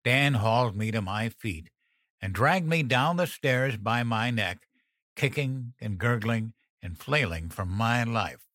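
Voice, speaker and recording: A man narrating a first-person horror tale in a tense, measured way. His voice sits at an ordinary pitch and is recorded close on a studio mic with a dry, dead sound. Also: a bit bright, no room sound. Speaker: audiobook narrator.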